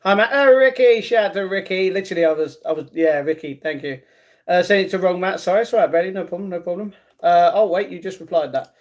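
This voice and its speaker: A man's voice: high voice, fast talker. Chatty young man reading live chat aloud. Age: 20s. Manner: chatty, reads chat messages aloud, often restarts. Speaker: livestreaming vlogger. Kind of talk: casual live-stream chat, reading comments.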